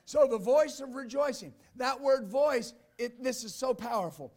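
A pastor preaching a sermon with exuberance, swinging between loud declarations and quiet asides and laughing between points. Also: male voice, very high-pitched, moderate pace, few pauses.

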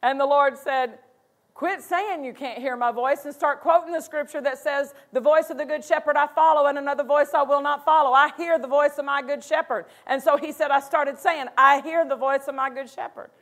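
A woman pastor delivers a sermon with a high, light voice. She preaches emphatically and repeats key phrases for weight. Her speech comes in a steady, earnest flow. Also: fairly quick.

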